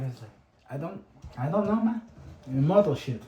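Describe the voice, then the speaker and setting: A man's voice: a little high, big pitch swings, moderate pace, pauses often, mellow. Rambling, cursing young man in an echoey room. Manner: rambling, swears a lot. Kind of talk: casual gaming chat. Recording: echoey room, faint background hum.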